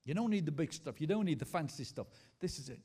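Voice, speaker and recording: Male pastor, emphatic sermon delivery with call-and-response, mellow dark tone, slightly high pitch. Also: lively intonation, quick pace, husky. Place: school hall.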